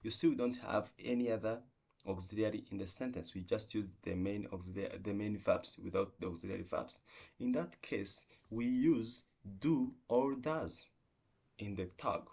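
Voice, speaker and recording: A man with a fairly low voice teaches an online English grammar lesson. He works through example sentences one at a time and explains each rule patiently. His phrasing is a little non-native, and he sometimes stops to restart a word. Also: moderate pace, vocal fry, darkish tone.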